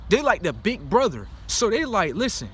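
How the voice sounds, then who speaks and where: A man's voice: high voice, sing-song, moderate pace, breathy edge. A man in a casual monologue rant, insistent, repeatedly saying look and pay attention.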